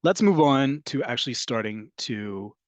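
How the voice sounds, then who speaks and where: A man's voice: medium pitch, expressive, measured pace, no echo. A man teaching an online class, explaining steadily and often checking in with "right?" and "okay?". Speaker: Hebrew teacher.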